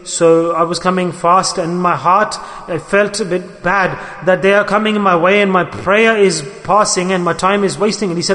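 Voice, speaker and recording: Male preacher, high-pitched, urgent, exhorting sermon delivery with loud peaks and soft asides, recorded with long hall reverb. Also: normal speed, hardly any pauses. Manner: earnest, exhorting, swings between loud emphasis and soft asides. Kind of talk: religious sermon.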